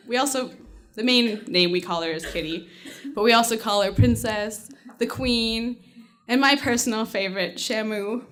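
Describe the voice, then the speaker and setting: A woman's voice: fairly high pitch, noisy background. A woman telling a personal story on stage at a live storytelling night, casual and salty, often laughing as she goes.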